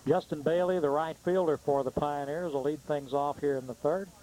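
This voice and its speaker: Brief: male commentator, slightly high, relaxed pitch-by-pitch calls, faint hiss. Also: moderate pace, rough recording. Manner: easygoing, matter-of-fact calls. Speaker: color commentator. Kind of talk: baseball commentary.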